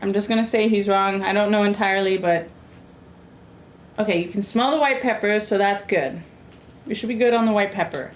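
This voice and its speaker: A woman's voice: medium pitch, brisk, a little hiss or hum. A young American woman chatting casually with viewers while she cooks, sassy and rambling with lots of fillers. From United States. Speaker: streamer cooking and chatting with viewers. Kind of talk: casual live-stream chat.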